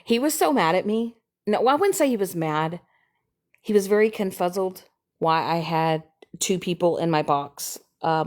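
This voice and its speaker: A woman chatting casually on a livestream, repeating herself and sliding from soft mutters into sudden high squeals. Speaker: TikTok live streamer. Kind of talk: casual rambling chat.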